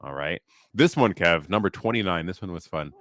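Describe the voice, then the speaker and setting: Male podcast co-host, thirties, very low voice, dry close sound, chatty and amused. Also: expressive, a little fast, a bit bright, no room sound. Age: 30s. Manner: reads list entries aloud, laughs often. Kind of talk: casual chat.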